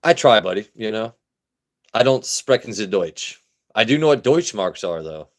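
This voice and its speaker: An American man with a fairly low pitch sounds very animated, though his speed stays normal, as he hosts a live stream reviewing whiskey. Reading through chat comments, he jokes around loosely and says things more than once.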